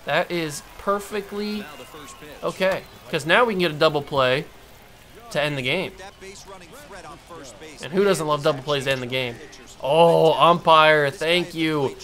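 At a measured pace and with frequent pauses, a man comments casually on his baseball video game. His bright voice sits a little high, and his muttering gives way now and then to frustrated outbursts.

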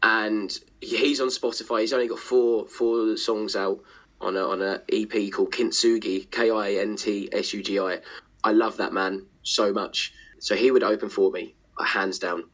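A man's voice: fairly low pitch, little pitch movement, moderate pace, a bit bright. A man, chatting as a podcast guest and musician, talking enthusiastically in long rambling runs and swearing freely. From Essex, England. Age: 20s. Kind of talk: casual chat.

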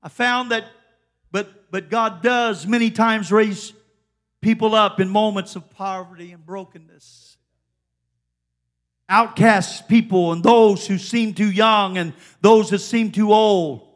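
In a steady mid-range voice and at a slow pace, a woman delivers a fervent Pentecostal sermon during a church service. She exhorts the congregation, repeatedly calling out "come on."

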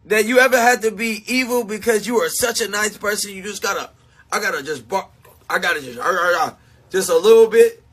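Man, livestreamer, high-pitched, breathy and husky, self-mocking, shouting then hushed. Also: fairly quick. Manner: swings between shouting and hushed talk, heavy cursing. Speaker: livestreamer talking to his supporters. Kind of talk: emotional livestream monologue.

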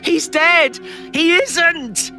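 A man's voice: drawn-out words, sharp tone, soft background music, exaggerated voice. A man voicing a frightened young woman crying out in panic in an audiobook. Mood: panicked. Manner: shrill, panicked cries.

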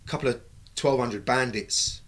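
A middle-aged British man telling stories in a casual chat, lively and swearing freely as he acts out what people said. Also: medium pitch, normal speed. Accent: British English. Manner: animated, acts out quoted dialogue, swears freely. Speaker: bike builder, guest. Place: recording studio.

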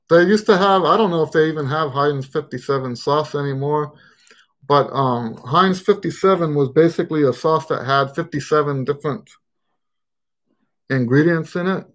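A man's voice: a little high, moderate pace. Chatty American man with a mixed accent. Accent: mixed American, Texan and Western Pennsylvania touches. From United States. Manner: rambling, conversational, many fillers and asides. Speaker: trumpet teacher hosting a live Q&A. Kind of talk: casual live-stream chat.

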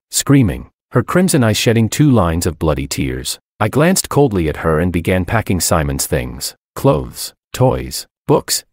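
A man's voice: sits low, darkish tone, no echo, clean studio sound. A man narrating a first-person story in a cold, dramatic manner.

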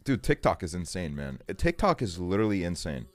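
A man's voice: low voice, sing-song, fairly quick, dry recording. A man streaming from his bedroom, chatting casually and ranting with constant swearing and fillers like "like". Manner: profane, ranting, lots of fillers.

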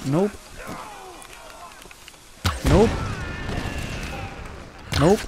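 A man's voice: sits high, expressive, extremely slow, noisy background. A man giving let's-play commentary, frustrated and swearing often. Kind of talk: gaming commentary.

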